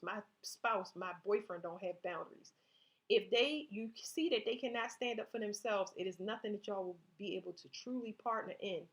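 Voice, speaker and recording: Woman doing a tarot reading for her viewers, chatty, keeps restarting, mid-pitched voice. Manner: conversational, restarts often, speaks directly to viewers; reads card text aloud. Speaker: tarot reader.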